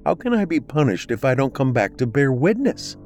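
A man voicing a weary, haunted woman who speaks quietly and with resignation. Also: mid-range voice, sing-song, a little fast, soft background music, voice pushed up, close to an everyday voice. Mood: pleading.

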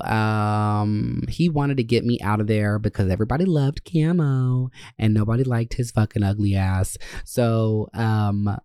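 A podcast host telling stories about old jobs in a candid, profane, animated way. His voice sits somewhat low for a man. The sound is dry and close, with no room echo. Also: smooth. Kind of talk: casual storytelling podcast.

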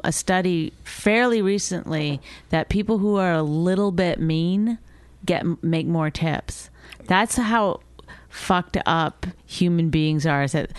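A woman's voice: deep voice, clear, resonant tone, no room sound. A woman in casual chat, blunt and profane, who likes to mimic the people she talks about. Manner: blunt, profane, mimics cheery staff voices.

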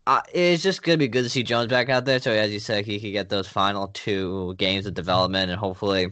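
A man's voice: on the low side, quick pace, a bit bright, no room sound. A young man co-hosting a casual sports podcast, laughing easily and chatting through game analysis. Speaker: podcast co-host.

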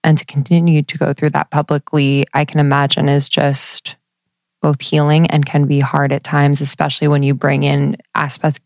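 Woman host with a low voice, gushing questions, dry sound. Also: monotone, moderate pace, creaky, dry recording. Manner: warm-hearted, effusive questioning. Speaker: podcast host. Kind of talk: casual interview chat.

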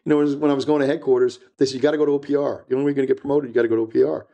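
Older guy, gravelly dark voice, talks fast, rambles thru his stories, blunt. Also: mid-range voice, level tone. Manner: rambling, repeats himself, blunt, acts out quoted voices. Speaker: retired DEA agent, guest. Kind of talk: casual storytelling interview.

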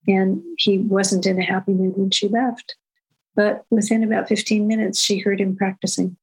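An older woman speaks in a calm, measured way, her pitch staying level and unhurried. She talks as a parenting educator telling a story in an interview, at a middle pitch for a woman. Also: slightly rough, low-quality recording.

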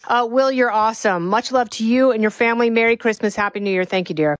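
Animated, high-voiced woman telling a story. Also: fast talker, no room sound. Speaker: podcast guest, fellow host. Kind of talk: casual chat, storytelling.

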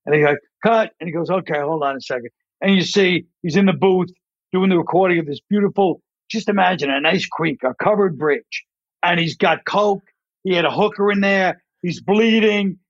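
A male comedian guest in a casual interview, telling rambling, animated stories and acting out voices as he goes. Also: sits high, no echo, lo-fi sound. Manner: rambling, animated storyteller who acts out voices.

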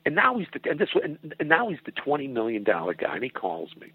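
A man's voice: mid-range voice, fast talker, no echo. Older man telling stories over a phone. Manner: animated, profane storyteller who acts out other people's lines. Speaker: comedy writer and producer, guest. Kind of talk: storytelling phone interview. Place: at home. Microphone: telephone. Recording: tinny phone line, husky and dry.

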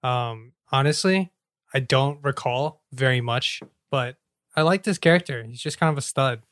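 A man's voice: medium pitch, normal speed, fairly bright tone, no room sound, clean studio sound. Laid-back man chatting on a podcast. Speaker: podcast co-host. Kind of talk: casual film-discussion chat.

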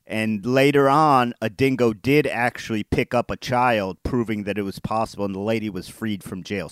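Deadpan man telling a story, dry sound. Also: fairly low pitch, dry recording. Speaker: podcast co-host. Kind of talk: casual chat.

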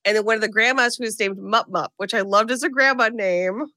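A woman with a bright, forceful, fairly high voice recaps a film for a podcast, in casual, comic talk. She tells it with energy and slips into playful put-on voices for the characters. The sound is dry and close. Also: fairly quick, no room sound. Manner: animated storytelling, acts out characters' lines in put-on voices. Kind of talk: casual comedic movie recap.

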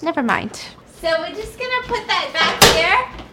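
A woman's voice: very high voice, big pitch swings, moderate pace, heavy background noise. A young woman hosting a casual chat, animatedly retelling a story while baking. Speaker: host.

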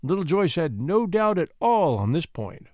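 Man reading an old story aloud, fairly high voice, very lively pitch. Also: normal speed, no room sound. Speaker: narrator. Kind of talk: storybook narration.

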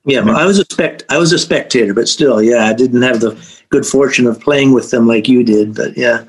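A man's voice: medium pitch, fairly quick, husky, poor audio. A man hosting a music podcast, chatting casually and sharing an enthusiastic memory, with phrases repeated for emphasis. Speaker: podcast host. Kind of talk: casual chat.

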